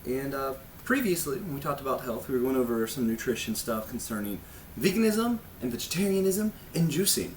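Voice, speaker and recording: Awkward, self-mocking man with lively pitch. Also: fairly quick, a little hiss or hum. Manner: rambling, jokey asides. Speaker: host of a health ministry channel. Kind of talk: casual health vlog talk.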